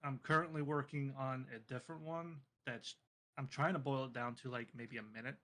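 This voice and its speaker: A man's voice: mid-range voice, steady tone, fairly quick, bright, forceful tone. A man speaking as a podcast guest in casual chat, laid-back and offhand with some swearing.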